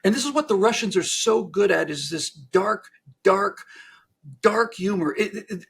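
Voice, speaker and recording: A man's voice: sits high, sing-song, moderate pace, creaky, fairly bright tone, slightly rough. A man talking with a host, telling jokes and acting out the characters in them, with many restarts. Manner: acts out characters in stories, frequent restarts. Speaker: narrator and historian, guest. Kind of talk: animated joke-telling in a conversation.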